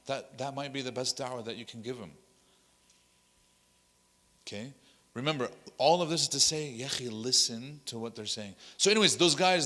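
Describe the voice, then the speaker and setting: A man's voice: mid-range voice, moderate pace, bright, forceful tone, big-room sound. A man, an imam, leading a workshop lecture, telling stories animatedly and acting out what people said, with Arabic phrases mixed into his English. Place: large hall at an Islamic center.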